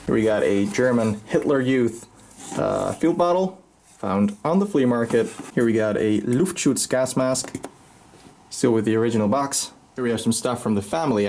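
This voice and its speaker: Gravelly Dutch-accented man touring his collection. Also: on the low side, a little mellow, slight background noise. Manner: enthusiastic, points out items one by one. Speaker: collector and channel host. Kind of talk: show-and-tell collection tour. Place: collection room at home.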